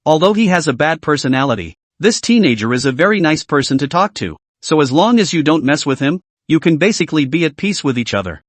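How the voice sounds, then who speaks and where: Man voicing a cunning old underworld ghost official, teasing; slightly high. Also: very animated, fast talker, hardly any pauses, dry recording. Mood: scheming. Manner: teasing, soothing.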